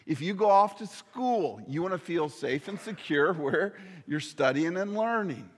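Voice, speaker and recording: An earnest male pastor delivers a sermon in a slightly higher-pitched voice. He sometimes sinks to a near whisper on key words. The sound carries a long hall reverb. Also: lively intonation, a little slow, husky.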